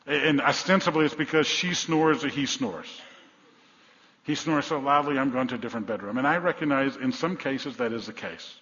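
A man in his sixties, a pastor preaching a sermon in a church, blunt and folksy, swinging between loud exhortations and quiet asides. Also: mid-range voice, normal speed. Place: church sanctuary. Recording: echoey hall, slightly dull sound.

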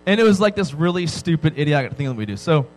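A man's voice: on the high side, very animated, fast talker, a little hiss or hum, low-quality recording. A man in his thirties preaching a sermon, joking and telling stories with frequent "right?" asides. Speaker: pastor. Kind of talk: sermon to a youth audience.

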